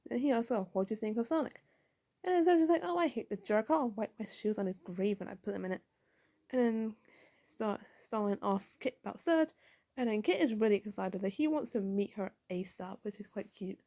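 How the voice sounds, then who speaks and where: A woman's voice: on the high side, dark tone. A woman giving a casual comic book review, recapping the panels and reading the dialogue aloud.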